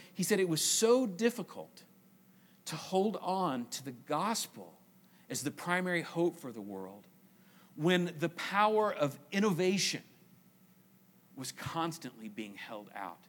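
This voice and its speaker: This church sermon comes from a man with a high voice who drives points home by slowly repeating phrases, his endings trailing off softly.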